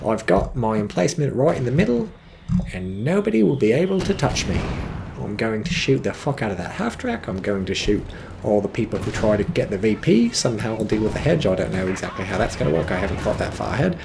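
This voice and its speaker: A man's voice: on the low side, big pitch swings, a little fast, creaky, noisy background. A man putting on a smug gloating British gamer. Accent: put-on British. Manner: pompous, boastful, self-satisfied.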